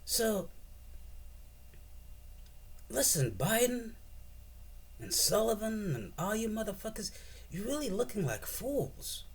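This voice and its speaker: A man's voice: high-pitched, big pitch swings, takes it slowly, long pauses, slightly rough. A man giving a profane, sarcastic and rambling political rant as a commentator.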